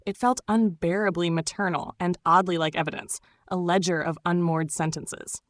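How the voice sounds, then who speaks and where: A woman narrating a first-person story in a measured, steady way. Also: lowish voice, no echo.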